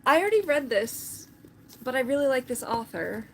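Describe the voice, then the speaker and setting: A woman's voice: sits high, very animated, normal speed, fairly bright tone, slight background noise. A woman chatting casually on a live stream, rambling with lots of filler words.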